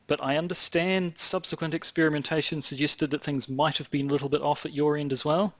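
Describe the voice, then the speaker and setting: A man's voice: on the high side, steady tone, brisk. A man co-hosting a podcast over a video call, with wry, teasing banter. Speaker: podcast co-host. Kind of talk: casual chat. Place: home in New Zealand.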